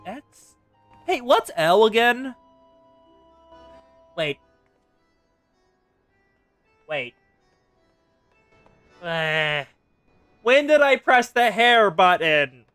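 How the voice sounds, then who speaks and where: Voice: mid-range voice, big pitch swings, drawn-out words, long pauses, a bit bright, faint music behind. A game streamer chatting casually and talking to themself while playing. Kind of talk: casual live gameplay chatter.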